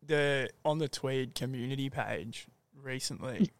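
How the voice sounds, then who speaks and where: A man co-hosting a podcast, reacting with quick remarks in casual chat. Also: medium pitch, no echo. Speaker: podcast co-host.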